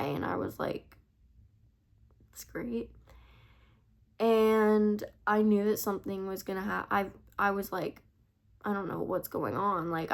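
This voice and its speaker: A woman's voice: medium pitch, creaky, a bit bright. A teenage girl telling a personal story in a confessional vlog, rambling and full of "like" and "I feel like". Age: teens. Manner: rambling, heavy use of "like" and "I feel like". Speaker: vlogger.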